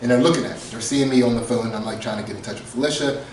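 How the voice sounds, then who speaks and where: A man's voice: mid-range voice, racing, slight background noise. A man co-hosting a podcast, telling a comedic story casually, laughing often and acting out quotes. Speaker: podcast co-host. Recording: echoey room, far from mic.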